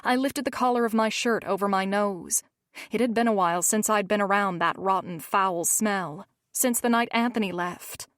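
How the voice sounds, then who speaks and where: A woman narrating a romance novel in first person, measured and steady. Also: medium pitch, no room sound, studio quality. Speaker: audiobook narrator.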